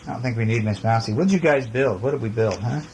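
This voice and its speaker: A man's voice: medium pitch, fast, darkish tone, slight background noise. A man reading a bedtime story aloud to a child, playful and sing-song, with chatty asides.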